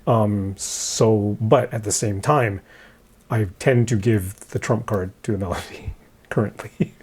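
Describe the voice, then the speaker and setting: A mellow, warm-toned man talks through his thoughts in a relaxed roundtable chat. He often stops and repeats words before finishing a sentence. He sounds like a songwriter hosting his own show. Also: on the low side, husky. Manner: halting, repeats words often, laughs lightly. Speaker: podcast co-host and songwriter. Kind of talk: casual roundtable discussion.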